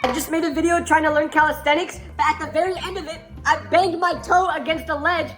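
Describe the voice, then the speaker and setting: A woman's voice: sits high, steady tone, fast talker, a bit bright, faint music behind. A woman in short comedy skits, dramatic and exclaiming.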